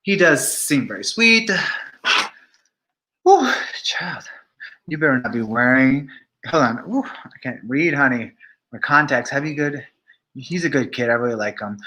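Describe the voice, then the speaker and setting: A man's voice: medium pitch, expressive, moderate pace, sharp tone. A man giving casual, sassy gossip commentary to his viewers, chatty and talking straight to the live chat. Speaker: vlogger.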